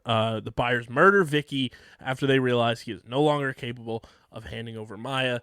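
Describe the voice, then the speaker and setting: A man's voice: medium pitch, fairly quick, fairly bright tone, clean tone, no room sound, studio quality. A man co-hosting a podcast, rambling through a plot recap with frequent ums and laughs. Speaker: podcast co-host recapping episodes. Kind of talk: casual podcast chat.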